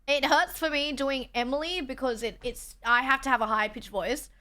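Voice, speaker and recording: A woman's voice: sits high, normal speed, few pauses, bright, forceful tone. A young woman streaming, chatting casually and reading her chat aloud, tired from travel. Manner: chatty, reads chat aloud, self-deprecating.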